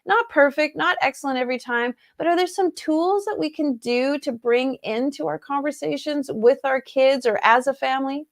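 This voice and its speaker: Upbeat woman host in her 40s, high voice, chatty and encouraging. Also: moderate pace, few pauses. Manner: enthusiastic, affirming, lively storytelling. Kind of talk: casual interview chat.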